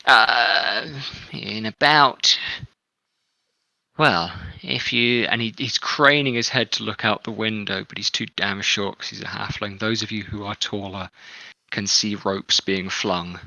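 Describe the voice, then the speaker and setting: A man running a tabletop game, his voice very bright and dry as if close to the mic. He narrates loosely, with plenty of fillers. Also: on the low side, fairly even intonation, normal speed, vocal fry, dry recording, low-quality recording. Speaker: game master.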